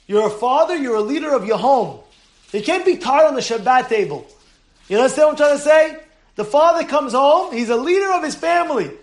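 A man, a rabbi giving a lively Torah class to his congregation, laughing often and acting out voices. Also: very high-pitched, normal speed, echoey room. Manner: animated, laughing, acts out voices.

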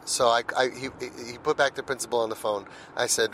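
A middle-aged man talks with earnest conviction, moving from story to lesson in an anecdotal, heartfelt way. His pitch sits in an ordinary middle range, and he doubles up words when he wants to stress something. Faint traffic hums behind him outdoors. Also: steady tone, brisk, few pauses, a bit bright, rough recording. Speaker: parenting speaker. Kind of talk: heartfelt monologue.

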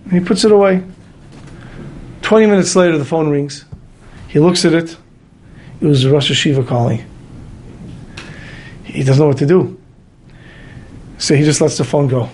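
High-voiced man telling a moral story. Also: normal speed, long pauses, a little hiss or hum. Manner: animated, shifts into character voices. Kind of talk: storytelling sermon.

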